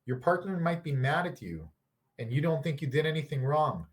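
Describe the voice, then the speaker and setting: A man's voice: a little high, moderate pace. A tired man giving a casual online workshop on relationships, talking over a video call and acting out sample dialogues. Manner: lively, acts out sample dialogues.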